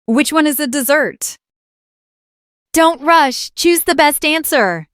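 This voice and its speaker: A woman teaching a slow beginner English lesson, speaking clearly and repeating each word for the learner. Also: high voice, expressive, fairly bright tone, no room sound. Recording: dry close voice with faint music. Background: faint background music.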